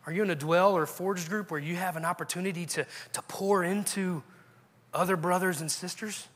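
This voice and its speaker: A man's voice: high-pitched, fairly even intonation, normal speed, a bit bright, long reverb tail. A male pastor preaching a sermon in a church, earnestly urging his listeners with repeated questions. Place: church sanctuary.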